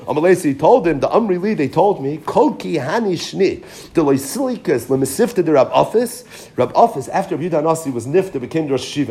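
Man teaching a lively Talmud class. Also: a little high. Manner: reads each line of the text, then translates and retells it animatedly.

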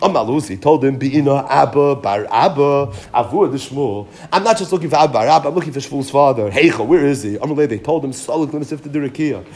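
Man teaching a lively Talmud class. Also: fairly high pitch. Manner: reads each line of the text, then translates and retells it animatedly.

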